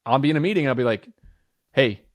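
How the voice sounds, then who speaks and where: An energetic man in his thirties speaks as a podcast guest, candid and sure of himself, cursing now and then. The sound is dry and close, with no room around it. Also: medium pitch, racing, no room sound. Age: 30s. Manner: energetic, talks with certainty; candid, swears casually. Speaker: entrepreneur guest. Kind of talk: podcast interview.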